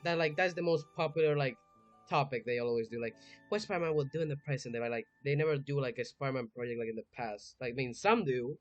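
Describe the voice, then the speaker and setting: A man hosting an online talk show, winding through his questions with lots of fillers. The audio is muffled and lo-fi, with soft music running underneath. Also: mid-range voice, fast talker. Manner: rambling, leans on "like". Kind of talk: casual interview chat.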